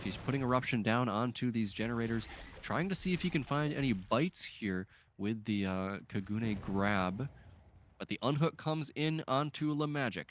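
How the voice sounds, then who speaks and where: Low-voiced esports play-by-play man. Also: slight background noise. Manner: fluent, rising excitement on big plays.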